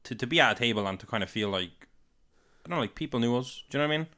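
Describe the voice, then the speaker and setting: Fast-talking eager man. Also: medium pitch, animated, sharp tone. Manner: eager, enthusiastic, talks in rapid run-on bursts. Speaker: podcast co-host. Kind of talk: casual chat.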